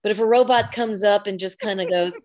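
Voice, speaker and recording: A woman's voice: medium pitch, fairly even intonation, brisk, darkish tone. A woman co-hosting a casual chat podcast, chatty and laughing often. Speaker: podcast co-host.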